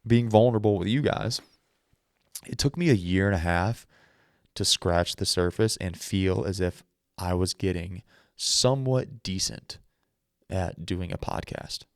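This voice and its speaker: A man's voice: deep voice, measured pace, no echo, clean studio sound. A man hosting his own podcast, telling stories and giving earnest, emphatic advice in a conversational way. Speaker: podcast host. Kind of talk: solo podcast monologue.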